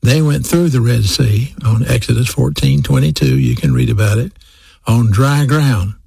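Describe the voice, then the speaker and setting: A man's voice: medium pitch, moderate pace, vocal fry, mellow, slightly rough, no room sound. A man preaching a sermon, speaking straight to his listeners and repeating key phrases for emphasis. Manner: addresses listeners directly.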